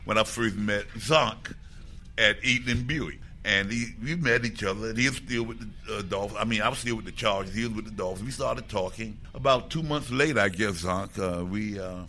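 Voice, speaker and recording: A man's voice: fairly low pitch, brisk, few pauses, bright, forceful tone, slight background noise. An older man, a former player, telling an easygoing story and chuckling as he recalls it. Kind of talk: relaxed storytelling.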